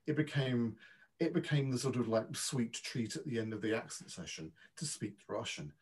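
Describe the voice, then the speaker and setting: A man's voice: medium pitch, moderate pace, darkish tone, slightly rough. A British man, a dialect coach, telling anecdotes in a conversational interview, modest and full of restarts.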